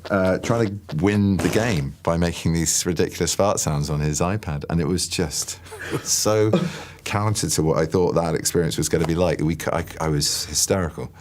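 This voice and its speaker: An English man telling stories as an interview guest, lively and laughing, slipping into voices. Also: deep voice, moderate pace, few pauses, background noise. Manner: animated storyteller who laughs a lot and puts on voices. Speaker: actor guest. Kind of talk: casual interview chat.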